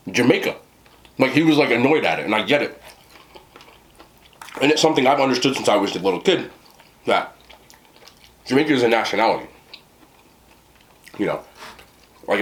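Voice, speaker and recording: A man's voice: medium pitch, a bit bright, slight background noise. An American man in casual storytelling to the camera, talking in a rambling way with many fillers and restarts. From United States. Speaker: food vlogger.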